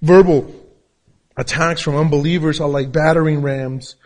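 A man's voice: fairly high pitch, normal speed, darkish tone. A pastor preaching a sermon in English, his second language, with a non-native accent and emphatic, repetitive phrasing. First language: not English.

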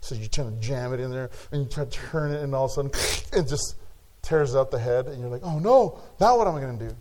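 A male pastor preaching a sermon, building to emphatic peaks and dropping to quiet, drawn-out words. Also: medium pitch, lively intonation.

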